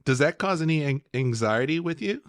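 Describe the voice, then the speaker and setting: A man hosting a podcast interview, asking relaxed questions in casual chat. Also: fairly high pitch, fairly quick, dry recording. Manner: relaxed, asks questions with small restarts. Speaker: podcast host. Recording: dry close-mic sound.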